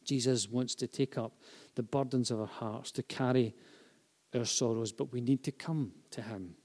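A man preaching a sermon to a congregation, swinging from hushed, intimate phrases to loud, repeated emphasis. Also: mid-range voice, moderate pace. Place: church hall with a live and online congregation. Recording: long reverb of a large hall.

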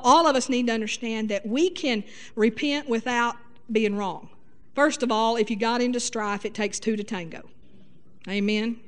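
A middle-aged woman preaching a sermon in a lively, folksy way, sprinkling her talk with hallelujahs. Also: high voice.

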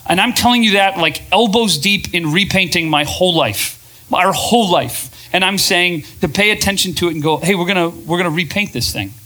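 A man hosting a podcast and speaking to a live audience in an energetic, conversational way, often asking the crowd questions. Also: sits high, fairly quick. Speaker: podcast host and speaker, former pastor. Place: event venue with a live audience.

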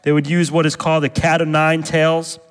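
A male pastor delivers an emphatic sermon in a voice pitched a little high for a man. He repeats his key phrases and keeps asking the congregation questions. A long reverb hangs in the hall around him. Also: completely flat delivery, fairly quick.

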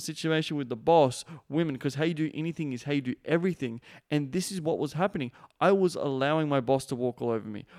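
A man's voice: mid-range voice, clean tone. Blunt man telling a story. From Australia. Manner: blunt, swears freely, many fillers like "man" and "like". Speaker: podcast host. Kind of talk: casual storytelling monologue.

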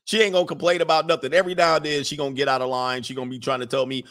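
Gravelly, laughing man riffing with slang. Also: medium pitch, little pitch movement, very fast, few pauses, a bit bright. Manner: laughs often, slangy and crude. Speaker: streamer reading viewer comments. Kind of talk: casual comedic riffing.

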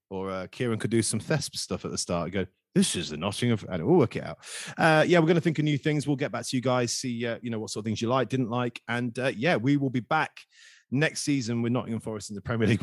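A man, hosting a casual football podcast, animated and jokey with some swearing. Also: medium pitch, no room sound, studio quality. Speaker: podcast host. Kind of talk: casual chat.

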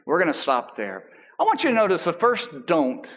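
A man preaches as a pastor in a slightly high voice at normal speed, emphatic and animated. He stretches out key words for emphasis and drops in casual asides and self-deprecating jokes.

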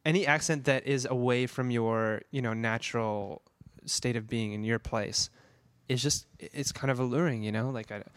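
A man co-hosting a casual podcast chat, candid and quick to laugh, often trailing off mid-thought. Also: mid-range voice, clean tone, no echo. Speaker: podcast co-host.

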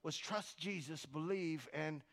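A man preaches from a church stage in a slightly raised, gravelly voice. He shifts between quiet asides and loud, rising exhortation, and stumbles over repeated words as he starts a phrase. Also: a little high, unhurried. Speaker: pastor. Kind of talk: sermon.

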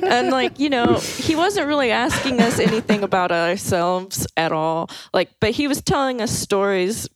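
A woman's voice: on the high side, animated, moderate pace, few pauses, a little hiss or hum. A young woman telling a story in a casual, amused way, full of fillers and little laughs, on a close mic. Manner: laid-back and amused, with lots of fillers and laughs. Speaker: podcast guest telling a story.

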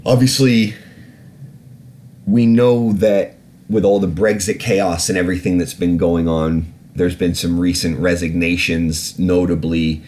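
A low-voiced man speaks in a level, unhurried way with a darkish tone. He hosts a solo podcast where he rants about politics, swearing heavily and rambling through asides packed with fillers and restarts.

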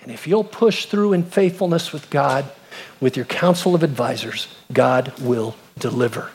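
A man in his fifties preaching a sermon, retelling a story with emphatic rises and hushed drops. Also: moderate pace, breathy edge. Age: 50s. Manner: animated storytelling, rising to emphatic peaks and dropping low. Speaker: pastor.

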